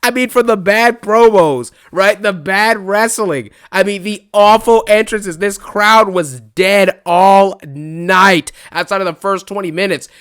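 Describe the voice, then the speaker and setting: A man's voice: sits high, unhurried, few pauses, fairly bright tone, clean tone. A young man ranting casually about a wrestling show, mocking and laughing as he talks. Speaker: wrestling rant vlogger. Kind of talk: casual unscripted rant.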